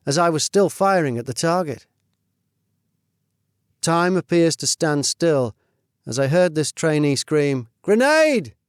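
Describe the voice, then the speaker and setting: A man's voice: on the high side, no room sound. Man narrating his memoir, dry. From United Kingdom. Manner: measured, steady storytelling. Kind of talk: first-person memoir narration.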